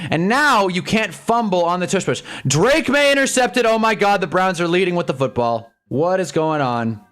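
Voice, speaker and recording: A young man commentating live on football games for his stream, ranting at the refs and reacting fast to each play. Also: sits high. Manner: frustrated, ranting, quick reactions. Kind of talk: live sports watch-along commentary.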